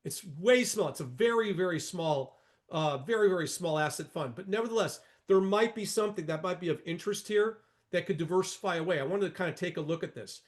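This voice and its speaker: A man's voice: high-pitched, brisk. A man in his sixties giving a trading lesson while walking through charts, emphatic and repetitive, with folksy asides to his viewers. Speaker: market educator.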